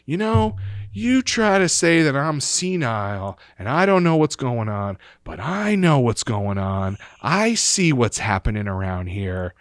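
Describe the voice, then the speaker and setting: Stubborn ninety-something grandma, put on by a man, high and indignant, dry close sound. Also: big pitch swings, a little slow, no room sound, heavily acted. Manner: indignant, insists she knows what's going on. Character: stubborn ninety-five-year-old grandmother, proud and contrary.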